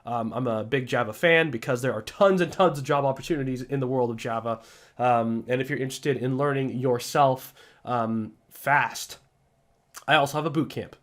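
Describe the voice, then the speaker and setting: A man with a medium-pitched voice teaches programming over a screen recording. Sounding slightly sick, he still delivers the lesson in an excitable, emphatic, ranting style.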